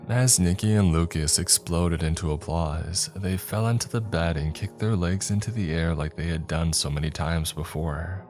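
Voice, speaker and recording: A man narrating a scripted story in a calm, steady reading. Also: low voice, moderate pace, few pauses, soft background music.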